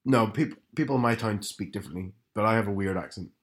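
A man with a soft rural Northern Irish accent, trading dry, blunt banter in a casual chat as a podcast co-host. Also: on the low side, fast.

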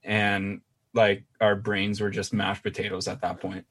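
A man's voice: fairly low pitch, completely flat delivery, a little slow, fairly bright tone. A young man with a Canadian accent, co-hosting a podcast and telling stories in a laid-back, casual way. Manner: laid-back storytelling, swears, lots of fillers. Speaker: podcast co-host. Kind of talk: casual chat.

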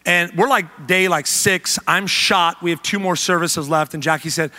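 A man preaching a humorous sermon as pastor, animated and joking with the congregation. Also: high-pitched, moderate pace, hardly any pauses.

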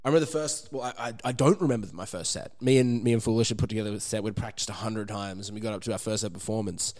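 A man's voice: on the low side, racing. A man, a rapper chatting casually as a guest, swearing freely and telling stories with energy. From Australia. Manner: laid-back, swears freely, energetic storytelling. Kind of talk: casual chat.

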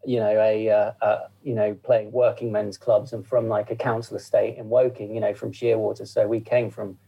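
A man's voice: on the low side, little pitch movement, moderate pace, creaky, breathy edge, lo-fi sound. A middle-aged man, a podcast guest chatting casually and rambling with lots of fillers. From England. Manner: rambling, full of fillers and asides. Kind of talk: casual interview chat.

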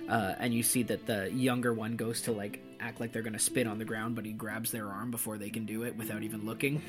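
A man's voice: lowish voice, flat delivery, fairly quick, hardly any pauses, over music. A man narrating a tabletop roleplaying game as game master, describing the scene vividly and laughing often.

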